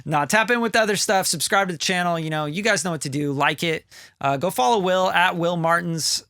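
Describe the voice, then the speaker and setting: Bright-voiced middle-aged man chatting. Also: high voice, brisk, no room sound, studio quality. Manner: loose, rambling, swears casually. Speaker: podcast co-host, music producer. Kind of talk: casual chat.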